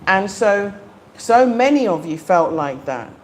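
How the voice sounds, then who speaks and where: A woman's voice: medium pitch, sing-song, a little slow, a little hiss or hum. A middle-aged woman hosting a live stream from her home, chatting casually and enthusiastically to viewers with frequent ums. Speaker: livestream host. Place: home in the Gambia.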